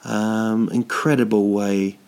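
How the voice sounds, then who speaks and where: A man who tours as a comedian talks slowly from his home, seated indoors, his fairly low voice slightly mellow and mostly flat in pitch. The monologue is casual and meandering, hesitant with frequent ums, and his humour is dry and self-deprecating.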